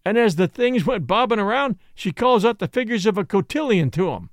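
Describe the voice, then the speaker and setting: A man's voice: high-pitched, expressive, a little fast, dry recording, clean studio sound. A man telling it as a folksy frontier yarn-spinner. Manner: drawling backwoods dialect.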